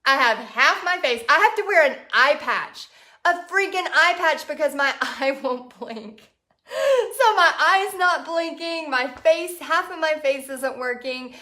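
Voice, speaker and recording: Chatty Texan woman host, bright slightly high voice, laughs often. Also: animated, unhurried. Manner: chatty, laughs often, reads out viewer comments. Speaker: art business coach host. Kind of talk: casual livestream chat.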